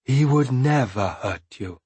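A man doing a calm, slow-spoken wise man. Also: mid-range voice, breathy edge, dry recording, full character voice. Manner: quiet, slow. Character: calm, wise older man, soft and quiet.

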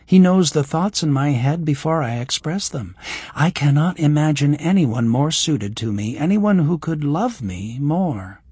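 A man voicing a frank, wry young woman healer in an audiobook, his voice lifted higher for her. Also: measured pace, slightly rough, no room sound, exaggerated voice. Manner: raised voice for a woman, expressive.

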